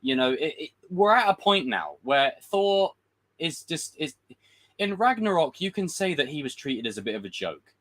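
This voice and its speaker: A man's voice: fairly high pitch, sing-song, fairly bright tone. A man hosting a livestream, giving blunt, profane film opinions in casual, rambling talk. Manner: rambling with quick voiced impressions. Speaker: livestream host.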